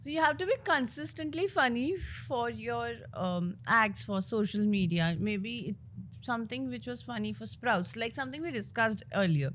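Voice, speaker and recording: A woman's voice: fairly high pitch, moderate pace, a bit bright, a little hiss or hum. A woman hosting an interview, asking loose, searching questions. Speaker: podcast host. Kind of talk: casual interview chat.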